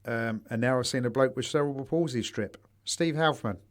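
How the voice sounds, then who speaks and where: Brisk and mid-range, this man co-hosts a laid-back podcast conversation. He curses without holding back and acts out voices while recounting stories.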